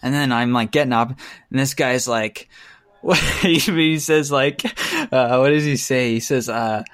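A man's voice: medium pitch, a little slow, clean tone, no echo. Guy telling a story to a friend, laughs a lot, dry close sound. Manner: animated storytelling, acts out quotes, laughs often. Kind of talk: casual chat.

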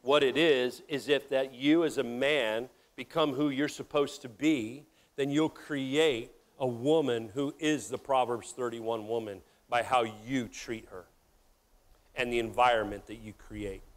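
A middle-aged man preaching a sermon, animated and joking, talking straight to his congregation. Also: mid-range voice, measured pace. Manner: animated, jokey, addresses audience directly. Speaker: pastor.

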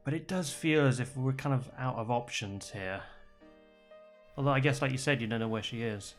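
A player voicing their character at a tabletop game, speaking thoughtfully and softly. The voice sits at a middle pitch. Faint music plays underneath. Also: normal speed. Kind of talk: casual chat in character.

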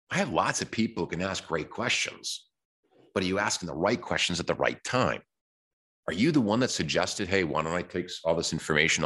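A man's voice: sits low, fairly bright tone, husky. A man hosting a podcast, giving a blunt, direct motivational talk about sales and telling stories from his own work. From United States. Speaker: podcast host.

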